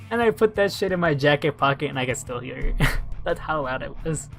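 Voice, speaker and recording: A man's voice: a little high, expressive, brisk, gravelly, fairly bright tone, soft background music. A young man chatting casually while he plays a game, telling a rambling story and swearing freely into a headset mic. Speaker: gaming streamer. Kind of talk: casual chat while playing.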